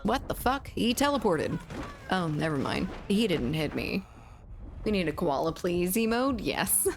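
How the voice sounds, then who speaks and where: A woman's voice: lowish voice, sing-song, unhurried, a little hiss or hum. A woman with a Southern US accent chatting casually with her livestream chat while playing a game, laughing often and swearing freely. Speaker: streamer.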